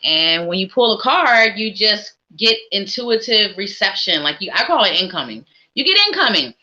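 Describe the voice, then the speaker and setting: A woman's voice: mid-range voice, very animated, normal speed, sharp tone, dull audio. A woman hosting a live psychic reading stream, talking in an upbeat, encouraging, chatty way. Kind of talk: casual live-stream chat.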